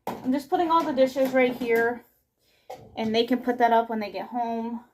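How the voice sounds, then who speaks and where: A young woman chats in a casual, scatterbrained ramble, cutting herself off and circling back, slightly out of breath from moving around. Her voice sits somewhat high. The home kitchen recording carries steady noise and clicking sounds. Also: normal speed. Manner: rambling, self-interrupting, scatterbrained. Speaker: vlogger. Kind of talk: casual chat while doing chores.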